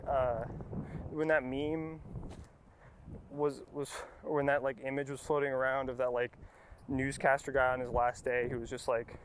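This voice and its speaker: A man's voice: mid-range voice, a bit bright, low-quality recording. A young man tells a loose, profane movie recap, full of fillers and shrugging dismissals. He is recorded outdoors, with wind buffeting the mic and traffic noise plainly audible behind him. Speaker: podcast host. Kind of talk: casual rambling movie recap.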